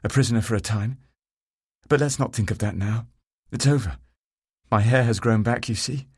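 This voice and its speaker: A man voicing a gentle young woman in an audiobook, speaking softly and with emotion. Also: mid-range voice, normal speed, husky, no room sound, studio quality, voice pushed up. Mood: relieved. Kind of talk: audiobook character voice.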